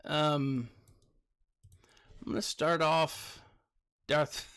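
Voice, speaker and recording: A man's voice: a little high, a little slow, pauses often, a bit bright. A man who works as a teacher, chatting casually while commenting on a mobile game, a little tired, rambling with lots of fillers.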